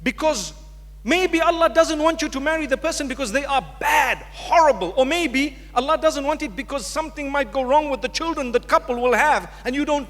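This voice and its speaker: A man with a high voice gives a religious lecture to a hall audience. He talks to the crowd directly and mixes humor into his advice. A long reverb from the lecture hall hangs on every phrase. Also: a bit bright. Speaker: Islamic preacher.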